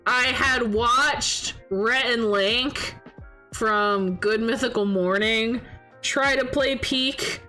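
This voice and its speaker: High-voiced woman telling stories on stream. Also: rough recording. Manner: animated storytelling, swearing and laughing. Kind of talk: casual chat stream.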